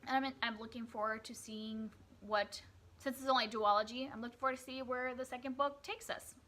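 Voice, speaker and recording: A woman's voice: fairly high pitch, steady tone, brisk, sharp tone. A young woman chatting casually as she reviews books she read, with lots of fillers and restarts. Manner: chatty, many fillers and self-corrections. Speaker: book reviewer. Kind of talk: casual book review vlog.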